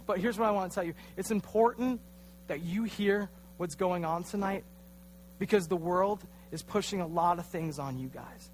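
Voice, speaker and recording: A young man in his twenties, a youth pastor with a high-pitched voice, speaks at normal speed over a slight hiss or hum. He delivers a casual, self-deprecating youth sermon in a church, telling a funny story and acting out the quotes.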